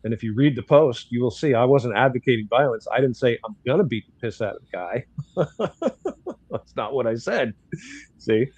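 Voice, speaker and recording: A man's voice: medium pitch, a little fast, a little mellow, breathy edge, no echo. An older man, a grandfather, bluntly telling a story in casual talk and acting out the dialogue. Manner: blunt, outspoken, acts out dialogue in quotes. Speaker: guest commentator.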